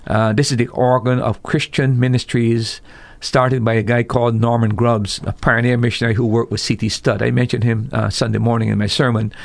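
A man who is a pastor talking on a radio discussion, emphatic and rising sharply in pitch when he quotes other preachers. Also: flat delivery, brisk, creaky. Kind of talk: radio talk show discussion.

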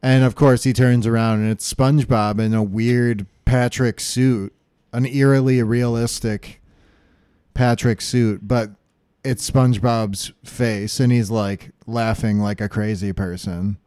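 A relaxed man chatting on a podcast, offering easygoing opinions about a cartoon episode. His tone is warm and mellow and smooth, recorded dry and close to the mic. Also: mid-range voice, unhurried, no echo. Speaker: podcast co-host. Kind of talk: casual chat reviewing a cartoon episode.

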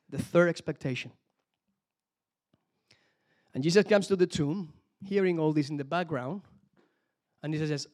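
High-voiced animated male preacher. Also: a little slow, long pauses. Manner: animated storytelling, swinging from hushed asides to loud emphatic peaks; lively, talks to the congregation directly with frequent asides. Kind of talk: sermon.

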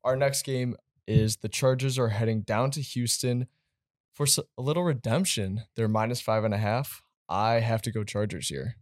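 A young man hosting a casual sports podcast, upbeat and quick to laugh. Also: mid-range voice, fairly even intonation, dry recording, studio quality. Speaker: podcast host.

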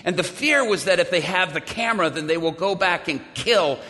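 A man's voice: high-pitched, expressive, brisk, long reverb tail. A man telling a dramatic story of his own to an audience, acting out the voices of the people in it. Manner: acts out the dialogue he quotes, with sudden shouts.

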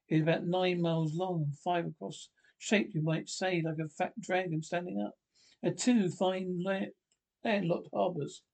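A man reading a classic adventure novel aloud, in a halting way with restarts and slips. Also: fairly high pitch, gravelly, darkish tone. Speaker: audiobook reader.

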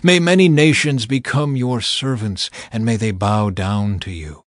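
A man voicing an old blind father who speaks blessings slowly and gravely in a Bible reading. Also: lowish voice, dry recording, clean studio sound, lightly acted. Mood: solemn. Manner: slow, solemn, pronouncing blessings.

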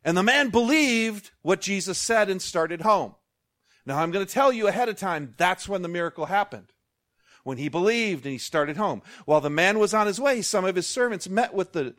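A man preaching a sermon as pastor, animated, with jokey asides and call-outs to the congregation. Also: sits high, moderate pace.

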